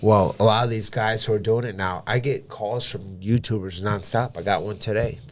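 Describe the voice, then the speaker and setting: A man with a lowish voice speaks as a podcast guest, telling brash, animated stories. He swears freely, slips into the voices of the people in his anecdotes, and keeps a casual, conversational flow. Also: normal speed, a little hiss or hum. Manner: animated storytelling with blunt swearing; acts out dialogue in his anecdotes. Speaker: podcast guest, professional boxer and gym owner.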